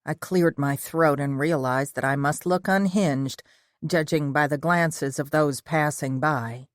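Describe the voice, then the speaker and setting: A woman narrating a first-person audiobook in a steady, measured reading voice. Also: low voice, no room sound, studio quality.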